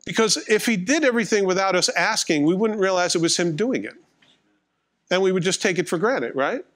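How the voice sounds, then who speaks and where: A man's voice: high voice, animated, a little fast, fairly bright tone. A middle-aged male pastor delivering a sermon in a conversational, wry, self-mocking way, acting out little dialogues.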